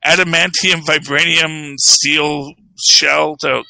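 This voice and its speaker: A man's voice: fairly high pitch, steady tone, slow pace, creaky, sharp tone, no room sound, low-quality recording. A man co-hosting a podcast, talking comics in a rambling, casual way full of "you know" and "um". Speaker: podcast co-host. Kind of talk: casual chat about comics.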